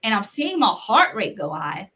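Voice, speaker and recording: A woman's voice: mid-range voice, big pitch swings, normal speed, pushed and bright. A woman guest with a mid-range voice recounts a personal ordeal on a podcast. She talks earnestly and steadily, now and then acting out the words of the people in her story.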